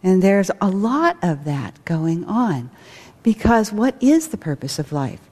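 A woman's voice: mid-range voice, sing-song, a little slow, warm tone. A woman who directs a school, giving an earnest spiritual talk with stories. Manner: earnest, storytelling with acted quotes. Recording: long hall reverb.

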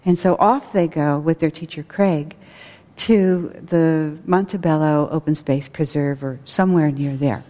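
A woman's voice: deep voice, a little slow, mellow. A woman who directs a school, giving an earnest spiritual talk with stories. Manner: earnest, storytelling with acted quotes. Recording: long hall reverb.

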